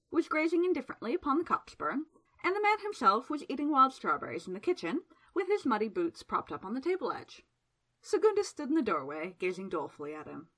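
A woman narrating a fantasy novel aloud in a lively, expressive storytelling manner. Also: mid-range voice, husky. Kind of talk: audiobook narration.

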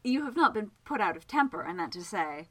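A woman's voice: mid-range voice, big pitch swings, a little fast, sharp tone. A woman voicing a shy, polite male scholar-magician who speaks earnestly and a little timidly.

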